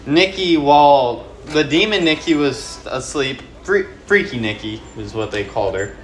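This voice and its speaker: A man's voice: on the high side, expressive, moderate pace, music in the background. A young man YouTuber casually recapping a movie plot, rambling with lots of slang and filler words. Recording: echoey room with loud background noise.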